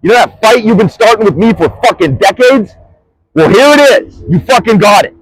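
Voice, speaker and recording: A man delivering a furious, profane, threatening rant outdoors on a busy street, swinging between shouting and low muttering. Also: animated, brisk, husky, rough recording. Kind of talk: angry direct-to-camera rant.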